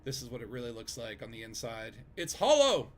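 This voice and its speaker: A man's voice: mid-range voice, level tone, quick pace, a bit bright, a little hiss or hum. A man streaming a space game from his home desk, chatting casually with friends, rambling and joking with lots of fillers. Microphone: desk microphone.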